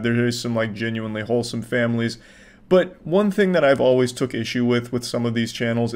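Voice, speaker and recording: Deadpan sardonic male commentator. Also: mid-range voice. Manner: deadpan, sardonic, swears freely. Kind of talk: sarcastic reaction commentary.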